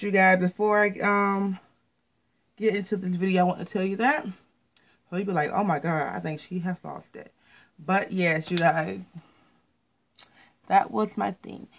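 A woman's voice: mid-range voice, slight background noise, poor audio. An American woman chatting casually to viewers as she shows off her latest clothing haul, repeating words and often saying "you guys.". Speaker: fashion vlogger.

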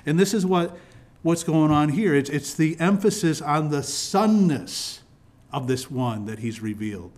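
A pastor preaching a sermon in church, explaining scripture in a teaching manner with frequent restarts and repeated words. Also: male voice, fairly high pitch, animated, unhurried, a little mellow. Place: church sanctuary.

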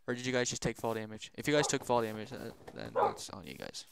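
A young man giving casual, slangy gameplay commentary, excitable and often shouting at the game. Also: mid-range voice, fast talker, very noisy. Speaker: gaming youtuber. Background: loud background music.

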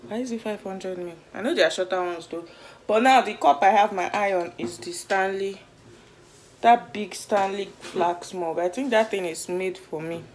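A woman's voice: mid-range voice, moderate pace, a little hiss or hum. A Nigerian woman chatting casually in a home vlog from her bedroom, full of dramatic asides and sometimes dropping to a whisper. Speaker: vlogger.

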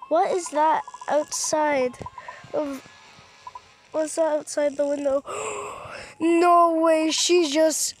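A woman giving casual, excitable commentary while playing a scary game, gasping and jumping at every scare. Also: high-pitched, slow pace, slight background noise. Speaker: gaming streamer.

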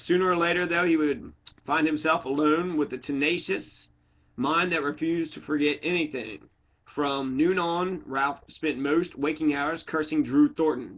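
Man, somewhat high voice, casual read-aloud, joking tangents, self-corrections, muffled lo-fi sound. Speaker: audiobook reader.

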